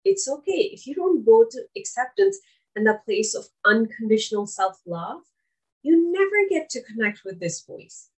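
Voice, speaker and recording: A woman's voice: a little high, sing-song, moderate pace, low-quality recording. A woman giving an earnest, coaching motivational talk, speaking straight to the listener as a friend.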